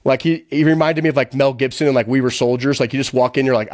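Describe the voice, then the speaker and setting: A man guest on a podcast, telling a story in a casual, animated, profane way, laughing often and rambling with lots of "like". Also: mid-range voice, no echo, studio quality. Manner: quick, rambling, heavy use of filler "like".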